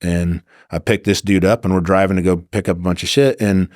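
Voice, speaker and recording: A man with a lowish voice swaps undercover stories on a podcast in a laid-back, salty way. The sound is dry and close, straight into a studio mic. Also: steady tone, brisk, darkish tone, dry recording. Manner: laid-back, swearing, acts out quoted voices. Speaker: former undercover officer, guest. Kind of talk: casual storytelling.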